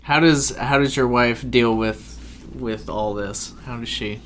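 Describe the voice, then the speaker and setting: A man in a middle register asks easygoing questions in a casual interview and answers with quick, friendly short replies. A faint background hum sits under his voice. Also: mid-range voice, a bit bright.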